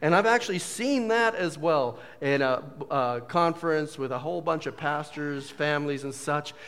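A man preaching a casual, jokey sermon as a pastor, full of folksy asides and quick humor. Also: a little high, a bit bright, smooth, in a large hall. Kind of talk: conversational sermon.

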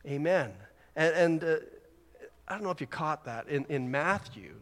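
A man delivering a sermon in a slightly higher voice, easygoing and conversational, then pressing his points hard. His words ring out with a long reverb through the hall. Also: lively intonation, normal speed, fairly bright tone. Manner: conversational, rising to emphatic exhortation. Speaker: pastor.

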